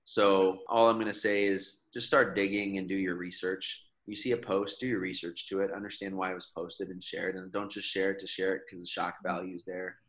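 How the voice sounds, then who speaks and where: A man's voice: low voice, level tone, a little fast, few pauses, a bit bright. A man from Michigan, a guest on a podcast, talking in an earnest, persuasive way with frequent restarts. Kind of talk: casual conversational interview.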